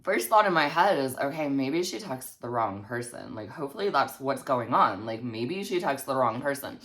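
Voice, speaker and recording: A woman with a strikingly deep, low voice tells a storytime vlog. Her delivery is snarky and full of swearing, and her pitch swings up and down a lot as she talks. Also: expressive, moderate pace, fairly bright tone. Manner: snarky and heavily profane. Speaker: vlogger.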